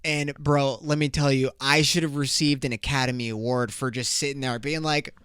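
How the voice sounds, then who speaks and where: A man's voice: mid-range voice, steady tone, moderate pace, a bit bright, smooth, dry recording, clean studio sound. A man hosting a podcast, telling a story in loose, profane, casual talk and laughing often. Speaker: podcast host.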